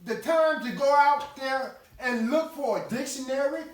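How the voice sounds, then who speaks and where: A man's voice: very high-pitched, a little slow. An older man, a guest in a casual podcast chat, talking in a blunt, insistent, old-school way. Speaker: guest, host's father figure. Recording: echoey room, mic far off, lively crowd behind.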